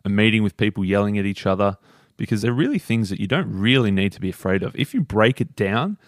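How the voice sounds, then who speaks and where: A man's voice: on the low side, fast, no room sound, studio quality. A man co-hosting a podcast, retelling anecdotes in an easygoing, casual way. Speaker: podcast co-host. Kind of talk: casual book discussion.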